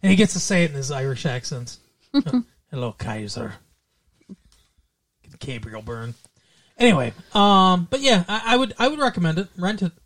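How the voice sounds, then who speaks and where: A man co-hosts a casual podcast and talks through a movie in a loose, rambling way. He hedges a lot and circles back on his points. His voice sits a little high for a man. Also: animated, fast, few pauses, fairly bright tone. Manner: rambling, hedging with "like" and "I guess". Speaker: podcast co-host. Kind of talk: casual movie review chat.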